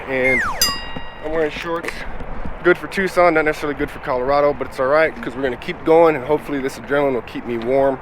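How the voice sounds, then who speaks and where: A man from Arizona vlogging a road trip in a casual, excited way, talking to his viewers from outdoors and from a car. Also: fairly high pitch, noisy background. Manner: excited and upbeat, addressing viewers as guys. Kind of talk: casual vlog commentary.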